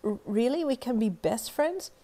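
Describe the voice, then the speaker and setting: Australian woman doing a shy little four-year-old boy, soft, hesitant. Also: fairly high pitch, animated, normal speed, pitched above the performer's own voice, natural voice.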